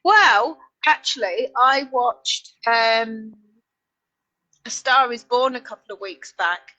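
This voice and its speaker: A woman with a Northern English accent, co-hosting a casual knitting chat, quick to agree and joke. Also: a little high, sharp tone, dull audio. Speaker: podcast co-host.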